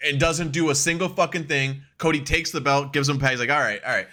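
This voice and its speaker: A man's voice: a little high, steady tone, fast talker, pushed and bright. A young man co-hosting a podcast, ranting in casual chat, swearing often and laughing a lot. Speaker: podcast co-host.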